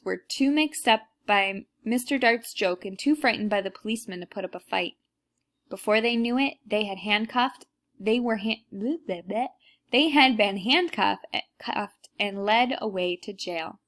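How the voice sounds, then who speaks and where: A woman's voice: mid-range voice, a little slow, fairly bright tone. A woman reading a children's book aloud, narrating plainly and unhurriedly with small slips.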